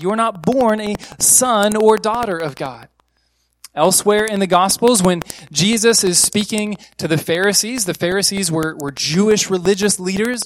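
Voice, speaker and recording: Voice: mid-range voice, a little hiss or hum, rough recording. A preacher giving an earnest sermon, repeating key phrases for emphasis and asking one rhetorical question after another.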